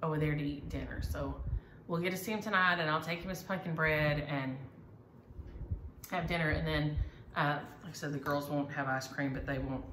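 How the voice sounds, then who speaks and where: Middle-aged woman, lowish voice, rambling and chatty, echoey room at home, faint background noise. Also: steady tone, moderate pace, a bit bright. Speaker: needlework vlogger. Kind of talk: casual chat.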